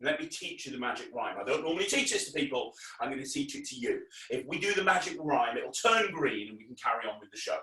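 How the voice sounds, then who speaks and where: A man's voice: medium pitch, expressive, fast talker, hardly any pauses, sharp tone. A man performing a children's magic show, talking playfully to the kids and acting mock-frustrated when his tricks go wrong. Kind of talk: kids' magic show patter. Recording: echoey room, distant mic.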